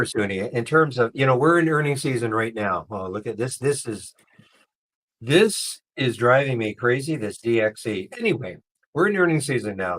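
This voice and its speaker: A man's voice: mid-range voice, a bit bright, low-quality recording. A man moderating a live trading room, talking about swing trades in a loose, rambling, conversational way. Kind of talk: casual live market commentary.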